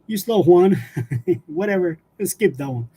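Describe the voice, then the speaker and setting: A man's voice: high voice, expressive, a little slow, warm tone, husky. A man hosting a casual livestream, chatting with viewers, laughing often and talking loosely with fillers. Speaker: livestream host.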